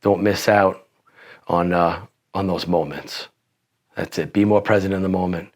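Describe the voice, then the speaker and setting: A man's voice: deep voice, steady tone, measured pace, a little mellow. A man in his forties, a podcast guest telling personal stories in a rambling, profane way with many restarts. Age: 40s. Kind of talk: casual interview storytelling.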